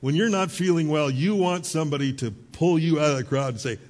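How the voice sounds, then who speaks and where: A middle-aged man preaching with a husky, somewhat breathy voice that sits fairly high for a man. He tells stories in an easy, conversational way, with quick asides to the congregation. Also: expressive, a little mellow. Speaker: pastor. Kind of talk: sermon.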